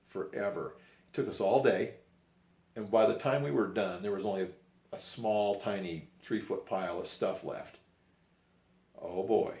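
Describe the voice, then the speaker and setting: An older man tells a story from his own life in a loose, folksy way, often restarting his sentences and acting out what people said. His voice sits low and carries a gravelly rasp. It is recorded in an echoey room. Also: darkish tone. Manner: rambling, folksy, with restarts and acted-out quotes. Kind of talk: personal storytelling.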